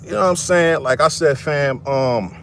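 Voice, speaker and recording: A man's voice: a little high, normal speed, fairly bright tone, a little hiss or hum. A man filming a casual vlog outdoors in a cemetery on a handheld phone, talking bluntly with plenty of swearing and a confrontational edge. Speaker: content creator. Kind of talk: casual vlog commentary while walking.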